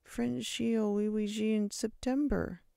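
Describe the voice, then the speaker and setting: A storyteller voicing a nervous, earnest seventh-grade boy from a storybook, with a gravelly edge. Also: mid-range voice, expressive, moderate pace, darkish tone, no echo, clean studio sound, voice pushed up, lightly acted. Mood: embarrassed. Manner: earnest, flustered, pleading.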